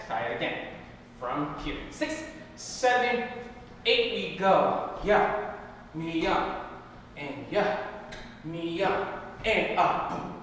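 Upbeat dance teacher counting beats, echoey studio. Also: male voice, high voice, bright, forceful tone, a little hiss or hum. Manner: upbeat, counts beats in a sing-song rhythm. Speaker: hip hop dance teacher. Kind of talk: counting and cueing a dance class. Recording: echoey hall, voice from far off.

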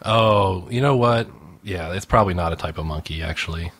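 A man's voice: low voice, fairly quick, a bit bright, husky. Easygoing man co-host. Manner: dry, easygoing, reads stories aloud. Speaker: podcast co-host. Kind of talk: casual joking news chat.

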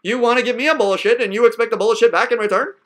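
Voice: mid-range voice, very fast, a bit bright. A professor berating a student in a profane, sarcastic classroom rant.

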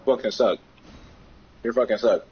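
A young man on a gaming voice chat, firing off profane, repetitive taunts at his friends. His voice is husky, and the headset sound is dull and lo-fi. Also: fairly low pitch, moderate pace. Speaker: gamer streaming with friends. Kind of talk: trash-talking voice chat.

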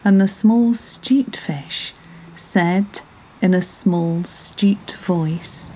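A woman narrating a bedtime story in a soft, slow way, often dropping into a whisper. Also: lowish voice, a little hiss or hum, rough recording.

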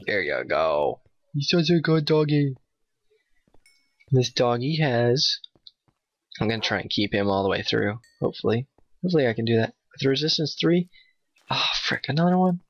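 A man giving nervous, excitable let's play commentary, talking to his in-game dog. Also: mid-range voice, normal speed. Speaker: gamer playing a Minecraft map. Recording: dull, dry home mic.

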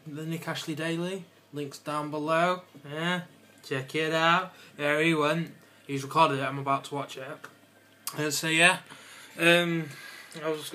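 A teenage English boy rambles through his vlog from his bedroom, offhand and goofy. His voice sits a little high and bright, with a faint hiss under it. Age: teens. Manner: rambling, offhand and goofy, slipping into silly accents. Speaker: vlogger. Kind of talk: casual vlog chat. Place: bedroom at home.

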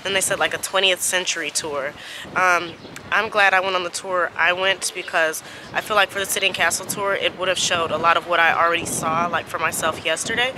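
A woman's voice: on the low side, steady tone, brisk. A woman chatting casually to her camera outdoors in a windy city, rambling with lots of fillers. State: out of breath from climbing stairs. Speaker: travel vlogger. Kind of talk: casual vlog chat to camera. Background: music.

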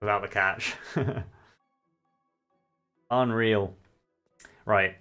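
A man's voice: medium pitch, normal speed, pauses often, a bit bright. A young man chatting casually and swearing freely while livestreaming a game. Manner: chatty, swears casually, sings along to music. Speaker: streamer. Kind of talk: casual gaming livestream chat. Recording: faint music behind.

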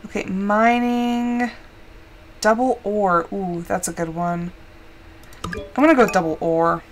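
A woman's voice: fairly high pitch, slow pace, slight background noise. A woman streamer chatting casually while playing a game, rambling with lots of filler words. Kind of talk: casual gameplay chat.

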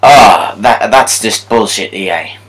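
A young man commentating his own football video game match live, excitable, moving between muttered asides and shouting at the game. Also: on the low side, takes it slowly, noisy background.

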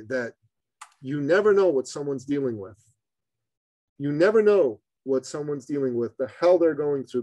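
A man telling a story as a podcast guest, animated and addressing the host as brother. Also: on the high side, no room sound, poor audio.

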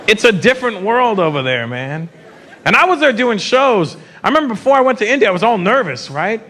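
A North American man doing a profane, animated stand-up routine on stage, speaking into a handheld mic. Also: high voice, brisk. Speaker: stand-up comedian. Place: comedy stage before a live audience. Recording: live show with loud crowd and noise.

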